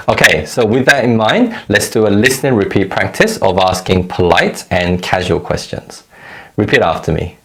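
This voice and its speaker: A man teaching a recorded language lesson, giving clear, measured explanations and modeling example phrases for learners to repeat. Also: on the low side, fairly bright tone.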